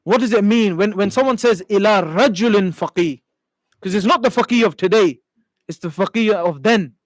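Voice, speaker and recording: A man's voice: high-pitched, moderate pace, dry recording, low-quality recording. A male preacher impassioned in telling a sacred story during a sermon.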